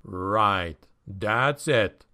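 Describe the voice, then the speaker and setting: A man voicing a surly, gruff male dwarf warrior who talks bluntly and scornfully. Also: lowish voice, drawn-out words, pushed and bright, voice pushed down, full character voice.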